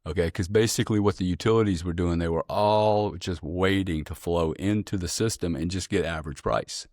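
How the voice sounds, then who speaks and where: A man guest on an interview podcast, telling stories in a blunt, profane, animated way. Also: deep voice, no echo, studio quality. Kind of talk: casual storytelling interview.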